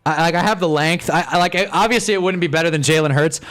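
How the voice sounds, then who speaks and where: A young man hosting a live stream, reacting to a football game in casual commentary, with swings from low muttering to loud frustrated outbursts. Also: fast talker. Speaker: live-stream sports fan host.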